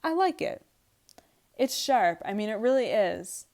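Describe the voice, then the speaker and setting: A woman reading aloud the lines of a polite, educated young man, pitching her voice higher than her usual. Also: very animated, unhurried, darkish tone. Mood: admiring.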